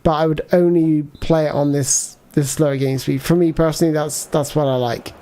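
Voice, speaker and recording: Playing a football video game on his livestream, a man thinks out loud and answers viewers' chat messages in casual commentary. His slightly high, mellow voice holds a steady tone at normal speed.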